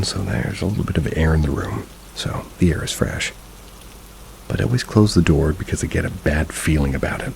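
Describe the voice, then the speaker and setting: Deep gravelly narrator for creepy tales, steady read, soft rain behind. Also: male voice, slight background noise, poor audio. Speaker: horror story narrator. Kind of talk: scripted narration of reader stories.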